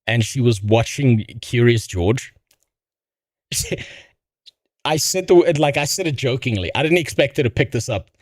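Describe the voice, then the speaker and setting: A man's voice: medium pitch, dry recording. Sarcastic, foul-mouthed streamer guy, dry mic. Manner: profane, rambling, sarcastic. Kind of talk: casual reaction stream commentary.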